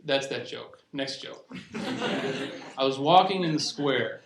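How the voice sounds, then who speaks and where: On stage at a live comedy show, a young adult man speaks in an unhurried, medium-pitched voice, wandering through his material and interrupting himself to start sentences over. Laughter from the crowd fills a roomy recording with a little noise.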